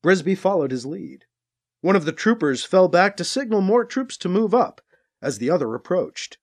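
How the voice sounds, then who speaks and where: An audiobook narrator reading an action story aloud in a lively storytelling manner. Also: mid-range voice, moderate pace. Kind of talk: scripted narration.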